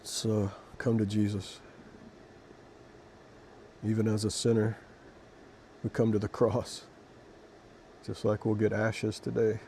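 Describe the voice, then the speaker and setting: A man reading scripture and then reflecting on it in an emotional, halting way, with many restarts. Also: fairly low pitch, little pitch movement, warm tone, a little hiss or hum. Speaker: Christian devotional video host.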